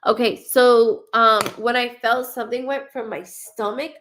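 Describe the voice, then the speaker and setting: A woman giving a live psychic reading, talking in quick, rambling bursts and often correcting herself. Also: fairly high pitch, fairly even intonation, a bit bright, slight background noise. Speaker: psychic medium. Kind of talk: live-streamed reading to viewers.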